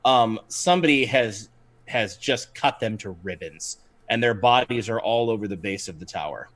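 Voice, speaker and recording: Lively male game master. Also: lowish voice, moderate pace. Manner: animated, playful narration. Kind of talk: running a tabletop game.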